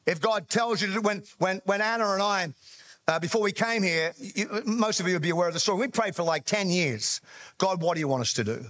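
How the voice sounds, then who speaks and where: A middle-aged male pastor preaching with a fairly high voice, his delivery lively and full of stories. He laughs at himself and keeps restarting his sentences as he goes. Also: a little fast. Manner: animated storytelling, self-deprecating humor, frequent restarts. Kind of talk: sermon.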